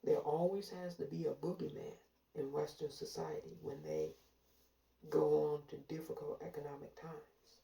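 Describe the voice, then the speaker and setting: A woman's voice: deep voice, lively intonation, moderate pace, vocal fry, warm tone. A woman giving an emphatic, repetitive commentary monologue, drawing out her stressed words. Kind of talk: casual monologue to camera. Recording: echoey room from far off.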